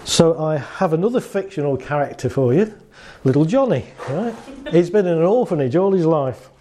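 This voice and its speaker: A man's voice: a little high, lively intonation, moderate pace, mellow, slight background noise. A man giving a chatty talk on anxiety to an audience, acting out little scenes and laughing along. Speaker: speaker on anxiety and relationships.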